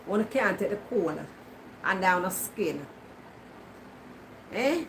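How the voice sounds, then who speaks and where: A woman's voice: medium pitch, animated, slow pace, a bit bright, a little hiss or hum, low-quality recording. A Jamaican woman vlogging in casual Patois, teasing and answering her viewers' comments. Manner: teasing, talks back to comments.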